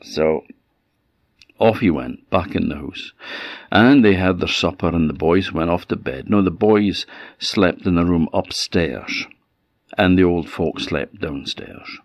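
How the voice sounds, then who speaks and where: A man with an Orcadian Scottish accent telling a folk tale in a relaxed, conversational way. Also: sits low, a little slow, dry recording, studio quality. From Orkney, Scotland. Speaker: storyteller. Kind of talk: oral folk storytelling.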